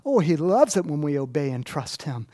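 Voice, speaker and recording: Male pastor, loose chatty sermon, jokes at his own expense, a bit high-pitched. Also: very animated, normal speed, dark tone. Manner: chatty, self-deprecating, laughs often. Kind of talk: conversational sermon.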